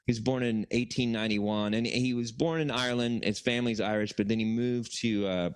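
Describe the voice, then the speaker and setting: A man's voice: mid-range voice, fairly even intonation, a little fast, clear, resonant tone, dry recording. A man co-hosting a podcast, telling a story casually in a rambling, profane way, full of fillers and restarts. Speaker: podcast co-host.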